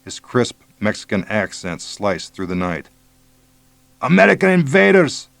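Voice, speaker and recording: A man narrating an audiobook in a measured, low-key way. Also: fairly even intonation, fairly bright tone, no room sound.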